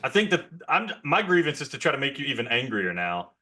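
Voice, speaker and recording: Bright-voiced teasing male podcast host. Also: mid-range voice, very animated, brisk. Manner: teasing, playful hype. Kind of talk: casual podcast banter. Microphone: remote call mic.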